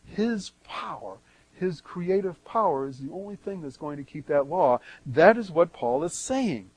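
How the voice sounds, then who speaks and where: A man's voice: a little high, lively intonation, a little slow, breathy edge, no room sound, poor audio. Emphatic man teaching Bible verses. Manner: reads scripture then explains it; emphatic swings in loudness. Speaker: preacher.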